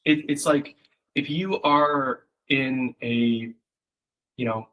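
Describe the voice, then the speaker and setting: A man's voice: medium pitch, steady tone, takes it slowly, fairly bright tone, poor audio. A man working as a copywriting coach, giving a loose, chatty one-on-one critique full of fillers and acted-out examples. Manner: loose and chatty, many fillers, acts out quoted voices. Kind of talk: casual one-on-one copy critique.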